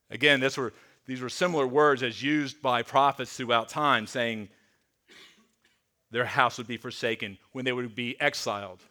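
Bright-voiced man preaching earnestly. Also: medium pitch. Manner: earnest, slows and drops softly on key words; repeats words while restarting. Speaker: pastor. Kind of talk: sermon.

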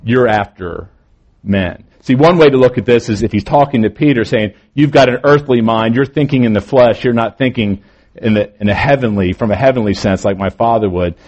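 A male pastor preaching a morning sermon, moving between emphatic lines and quieter, drawn-out phrases. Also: mid-range voice, highs cut off.

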